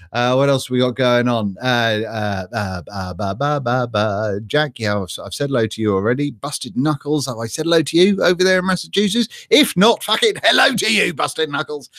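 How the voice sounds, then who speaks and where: A man's voice: medium pitch, animated, moderate pace, a bit bright, no echo, clean studio sound. Chatty man on a live stream. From Norfolk, England. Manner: chatty, rambling, laughs and swears casually. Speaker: vlog host reading live chat. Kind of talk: casual live-stream chat.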